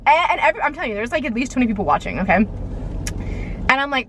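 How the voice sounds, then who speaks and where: A woman's voice: fairly high pitch, very animated, fast, fairly bright tone, poor audio. A young woman tells a personal story in a loose, rambling way. She piles up "like" and keeps checking in with "okay?". Faint noise hums behind her. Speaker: vlogger telling a story. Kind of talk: casual storytime monologue.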